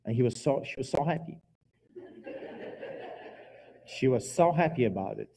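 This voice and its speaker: A man with a dark, mellow voice preaches his testimony from a church pulpit. His storytelling is dramatic, with sudden emphatic rises and drops in loudness. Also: mid-range voice, very animated, normal speed, gravelly. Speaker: guest preacher giving testimony. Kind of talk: testimony sermon.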